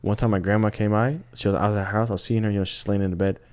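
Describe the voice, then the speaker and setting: A man's voice: lowish voice, racing, smooth. A young man in his twenties, a podcast guest chatting casually and acting out relatives' voices as he tells stories. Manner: animated storyteller, mimics relatives' voices.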